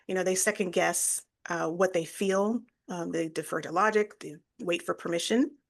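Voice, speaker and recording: Measured woman podcast host, low-pitched. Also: vocal fry. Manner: measured, thoughtful, fillers like um. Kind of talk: reflective conversation.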